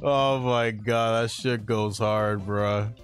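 Slow-talking young male gaming streamer. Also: lowish voice, fairly even intonation, clean tone. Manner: slangy and profane, laughs often, reacts loudly to in-game deaths. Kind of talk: casual gaming livestream commentary.

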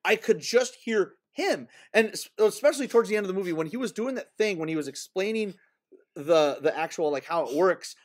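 A man co-hosting a casual film review podcast, agreeable and quick to back up his partner. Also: high-pitched, expressive. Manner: agreeable, lots of quick yeahs. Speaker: podcast co-host.

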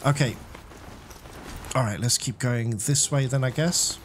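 A man giving casual commentary while playing a video game blind, excitable, swearing and laughing, yelping in panicked moments. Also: mid-range voice, measured pace, noisy background. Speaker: gamer playing a blind let's play. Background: game music.

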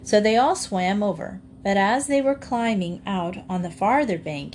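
A woman reads a children's storybook aloud with clear expression. Her pitch is ordinary and mid-range. A faint noise sits behind her voice. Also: animated, unhurried, hardly any pauses. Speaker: audiobook reader. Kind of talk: storybook reading.

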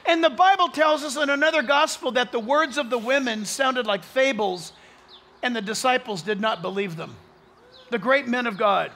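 Animated high-voiced male preacher outdoors. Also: normal speed, a little hiss or hum. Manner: animated, jokes with the crowd, acts out quoted voices. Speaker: pastor. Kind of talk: outdoor Easter sunrise sermon. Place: outdoors at dawn, cold.

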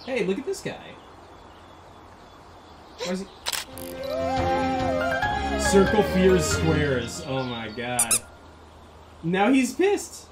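A young gaming host talks through a game in a slow, relaxed way, his voice swinging up and down with surprise. He laughs and shouts at what happens on screen. Loud game music plays behind him. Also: high voice. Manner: excitable, reacting loudly with laughs and shouts. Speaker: gaming YouTuber. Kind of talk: casual let's-play commentary.

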